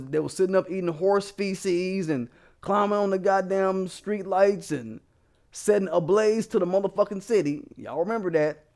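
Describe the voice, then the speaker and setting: A man's voice: high-pitched, creaky, a little mellow. A man hosting a commentary channel, ranting bluntly and swearing constantly as he talks straight to his viewers. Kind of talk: profane casual commentary.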